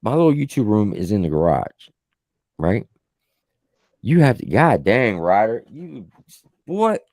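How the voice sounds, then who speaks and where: Brief: low, gravelly male host, lively pitch swings, profane storytelling rant, dry room. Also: a little slow, no room sound. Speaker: show host. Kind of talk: heated casual livestream rant.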